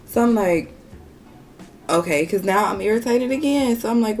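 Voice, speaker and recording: A woman's voice: mid-range voice, lively intonation, normal speed, pauses often, darkish tone, faint music behind. A woman vlogger chatting candidly and with profanity through a storytime while she does her makeup, talking straight to her viewers. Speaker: beauty vlogger. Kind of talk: casual storytime chat during a makeup tutorial.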